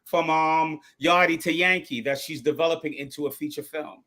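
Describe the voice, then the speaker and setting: Man guest telling animated stories, mid-high pitch, acts out quotes. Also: moderate pace. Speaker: actor and guest. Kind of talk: casual storytelling chat.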